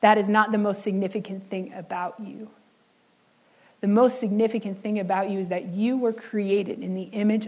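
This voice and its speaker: Woman preacher, earnest sermon, slows for emphasis, soft dips on key words. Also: medium pitch, steady tone, rough recording.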